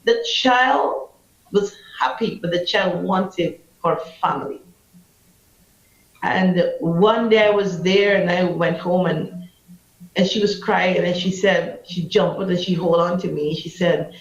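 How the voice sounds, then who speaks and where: A woman's voice: lowish voice, slow pace. A Guyanese woman, an anti-trafficking activist, telling a personal story in an interview with passion, acting out what people said. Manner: impassioned, vivid storyteller acting out quotes. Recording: roomy, slightly muffled.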